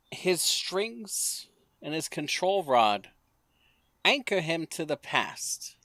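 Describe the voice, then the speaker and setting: A man narrating his character's backstory in a tabletop game, with slow, deliberate storytelling. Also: on the high side, bright, forceful tone, no room sound. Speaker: player.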